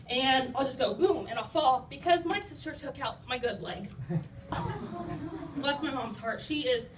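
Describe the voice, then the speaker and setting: High-voiced young woman, self-deprecating comic storyteller, picked up from afar in a roomy, noisy space. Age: young adult. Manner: self-deprecating, chatty, lots of "like" and "you know". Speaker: speaker telling life stories to an audience. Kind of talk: humorous personal storytelling. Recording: roomy, distant mic, noisy.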